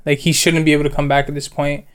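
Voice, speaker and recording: This young co-host reviewing a film has a voice on the high side and a quick pace. His casual chat is rambling and slangy, full of animated retellings of scenes.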